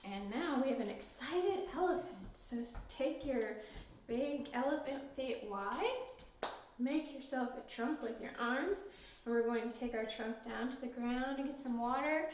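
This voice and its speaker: A woman leading a storytime lesson for toddlers in a gentle, sing-song, encouraging way, recorded in a library room. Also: high voice, lively intonation, a little slow, a little hiss or hum. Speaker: children's librarian. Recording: echoey room, mic at a distance.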